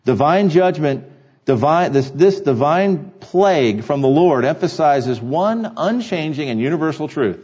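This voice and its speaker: A man's voice: fairly high pitch, animated, measured pace, a little mellow, slightly rough, muffled recording. Earnest man preaching a sermon. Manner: earnest preaching, repeats key phrases for emphasis. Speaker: pastor. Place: church sanctuary.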